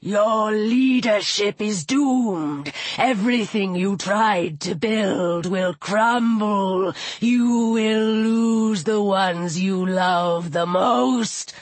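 A woman voicing a menacing male serpent god of chaos in an audiobook, speaking slowly and with threat. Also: mid-range voice, no echo, voice pushed down. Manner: slow, drawn-out, threatening. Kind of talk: audiobook reading.

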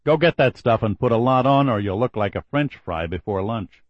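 A man's voice: medium pitch, lively intonation, moderate pace, dry recording, highs cut off, natural voice. A man playing a laid-back ex-Navy sailor who explains things in an easygoing, wry way. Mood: teasing.

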